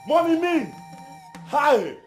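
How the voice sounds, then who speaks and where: Joven nigeriano acusado e indignado. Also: male voice, high-pitched, sing-song, takes it slowly, reverberant, soft background music, exaggerated voice. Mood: indignant. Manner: pleading and indignant. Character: young village man accused of killing the king.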